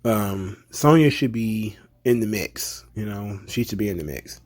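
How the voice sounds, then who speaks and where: A man's voice: fairly low pitch, a little slow. A man giving a casual, opinionated recap of a wrestling show as the channel's host. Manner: chatty, opinionated, slips into animated impressions of fans.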